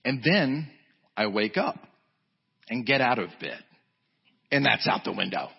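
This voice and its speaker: A man preaching a sermon as pastor, emphatic, swinging from high urgent peaks to low quiet lines. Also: expressive, a little slow, vocal fry, slightly rough. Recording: dull lo-fi sound.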